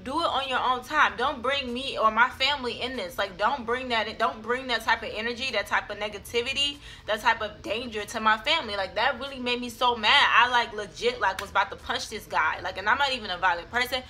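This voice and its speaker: A woman's voice: a little high, a little fast, few pauses, pushed and bright, a little hiss or hum. A young adult woman telling a personal story on her vlog, in a chatty, dramatic style full of fillers. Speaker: vlogger.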